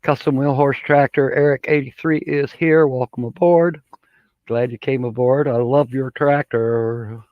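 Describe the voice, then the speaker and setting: Greeting viewers and chuckling often, a middle-aged man from Michigan hosts a casual, folksy live stream. His medium-pitched voice is steady and measured, with no room sound, though the lo-fi audio is dull and dry.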